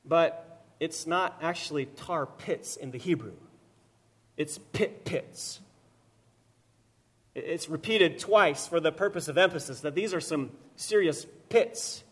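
A man preaching a sermon, swinging from loud emphatic repetition to quiet, slow lines, with touches of gentle humor. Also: fairly high pitch. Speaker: pastor.

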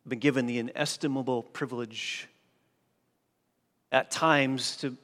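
Preaching pastor in a reverberant hall. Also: male voice, medium pitch. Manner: preaching with swings from hushed to loud and forceful. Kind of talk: sermon.

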